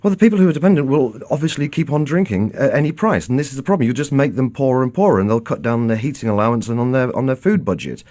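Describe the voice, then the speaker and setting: Fast, combative man. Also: mid-range voice, animated, dark tone. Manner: combative, scornful, emphatic. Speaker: think-tank guest. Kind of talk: radio debate.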